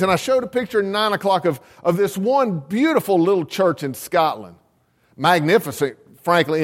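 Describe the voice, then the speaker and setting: A man's voice: high voice, long reverb tail. A man who is a pastor, preaching a storytelling sermon and repeating words as he restarts his sentences.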